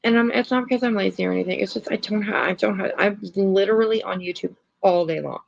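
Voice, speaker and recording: Rambling gravelly woman livestreamer. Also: medium pitch, fast talker. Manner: rambling, many fillers, laughs, swears. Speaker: livestream host. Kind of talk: casual livestream chat and commentary. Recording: lo-fi stream audio.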